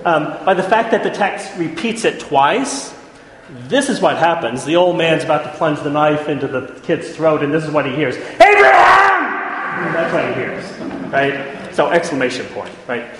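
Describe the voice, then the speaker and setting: A man's voice: a little high, moderate pace. Chatty male lecturer in echoey hall. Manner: chatty, checks in often with "right?". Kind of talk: informal classroom lecture. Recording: echoey hall, faint room noise.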